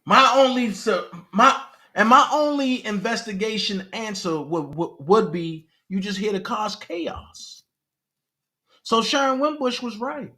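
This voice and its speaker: A man's voice: high voice, lively intonation, unhurried, pushed and bright. A man giving casual, emphatic commentary and posing pointed questions.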